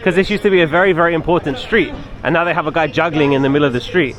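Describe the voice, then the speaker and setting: A travel vlogger films himself walking outdoors through city streets, talking rapid-fire in a voice on the high side, with a crowd audible behind him. He's chatty and enthusiastic, often exclaiming at what he sees.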